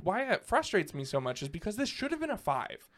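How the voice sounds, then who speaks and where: A young man talking into a podcast microphone in casual, exasperated bursts. His voice sits a little high and swings widely in pitch as he rants, climbing sharply when he gets worked up. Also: brisk. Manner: animated, exasperated ranting with rising laughs. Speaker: podcast co-host. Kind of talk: casual movie chat.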